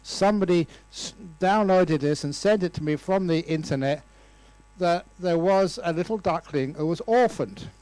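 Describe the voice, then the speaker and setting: A Buddhist monk in his sixties gives a humorous dharma talk in a lecture room, spinning stories with playful voices and laughter. His voice sits on the high side with a darkish, clear, resonant tone and moves at a normal pace. There is no echo, but the audio quality is poor.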